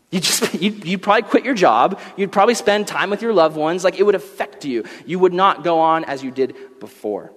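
A young man preaching a casual, animated sermon, telling stories and slipping into character voices. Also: a little high. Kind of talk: casual sermon with acted-out scenes. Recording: long reverb.

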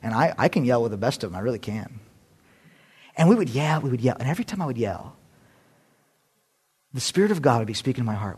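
Animated, husky-voiced male pastor. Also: medium pitch, fast talker, pauses often. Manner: animated, conversational, self-deprecating humor. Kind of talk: storytelling sermon.

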